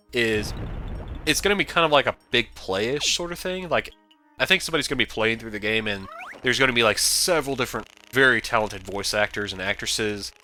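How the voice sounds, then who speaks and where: A man chatting casually over gameplay as a let's play host, rambling and animated. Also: lowish voice, a little hiss or hum. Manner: chatty, rambling, animated outbursts and put-on character voices.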